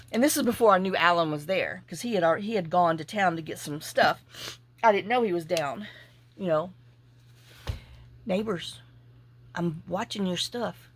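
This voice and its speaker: A woman telling a rambling, animated story in a casual vlog while she works on a craft project. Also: mid-range voice. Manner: animated, chatty, acts out her own reactions. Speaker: junk journal crafter.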